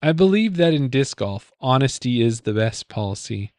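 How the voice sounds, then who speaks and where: A man's voice: medium pitch, big pitch swings, moderate pace, darkish tone, no echo, clean studio sound. A man hosting a podcast, reading out pun clues in a teasing, playful way and laughing at his own jokes. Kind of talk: playful podcast quiz banter.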